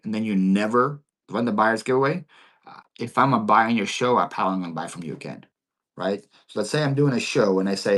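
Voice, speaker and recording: A man with a Philadelphia accent, born in Ukraine, hosting a relaxed livestream Q&A for sellers. His voice sits a little low, and his talk keeps catching on repeated words and restarts. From Ukraine, raised in Philadelphia. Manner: halting, repeats words often. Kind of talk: casual livestream Q&A.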